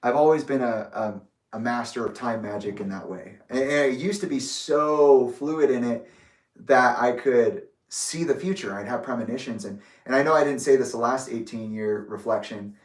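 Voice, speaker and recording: A young man talks through a personal reflection in a loose, rambling way, restarting phrases and swearing now and then. His voice sits at an ordinary middle pitch. It sounds roomy and a little distant from the microphone. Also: moderate pace. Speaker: vlogger. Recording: roomy echo, distant from the mic.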